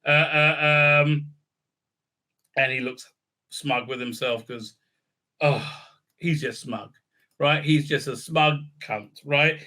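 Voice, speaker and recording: A man's voice: a little high, takes it slowly, long pauses, bright, forceful tone. A man ranting sarcastically through a show recap, profane and rambling, with lots of fillers. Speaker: online video reviewer. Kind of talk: casual recap and review rant.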